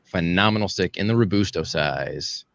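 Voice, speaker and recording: A man's voice: deep voice, moderate pace, fairly bright tone. A man hosting a live stream, easygoing and upbeat, welcoming viewers and keeping things moving. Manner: easygoing, upbeat, runs the show. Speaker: host. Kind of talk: casual live-stream chat.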